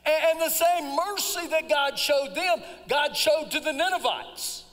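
A man preaching a live sermon in church, folksy and conversational, swinging from low asides to loud shouted emphasis. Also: unhurried. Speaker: pastor. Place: church sanctuary during a service. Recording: long hall reverb.

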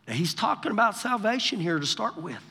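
A male pastor delivering a live sermon, his voice pitched high and ringing bright. He talks in an animated way, acting out scripture quotes with shifting voices. The recording carries a long reverb from the church hall. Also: fairly quick, slightly rough. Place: church sanctuary during a service.

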